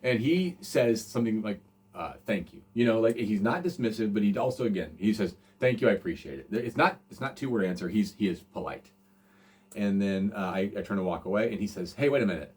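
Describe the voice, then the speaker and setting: A man's voice: fairly low pitch, animated, a little fast, darkish tone. A man in his forties hosting a casual podcast, telling a rambling, self-deprecating story full of fillers and restarts. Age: 40s. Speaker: podcast host.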